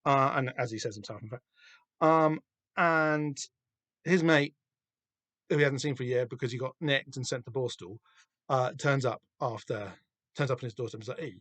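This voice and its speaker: A man with a Southern English accent hosting a podcast, chatting casually and excitedly about a comic, swearing freely and rambling with lots of fillers. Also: medium pitch, moderate pace, long pauses, no echo. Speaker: podcast host. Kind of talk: casual comic book discussion.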